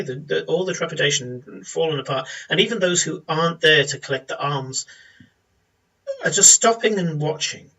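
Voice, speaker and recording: Bright-voiced man narrating as game master. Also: fairly high pitch, breathy edge, distant mic, rough recording. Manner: descriptive, hesitant with fillers.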